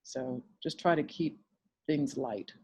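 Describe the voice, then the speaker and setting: A woman's voice: very deep voice, slow, dark tone, husky. Earnest middle-aged woman giving advice. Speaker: caregiver guest. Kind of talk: conversational advice in an online talk.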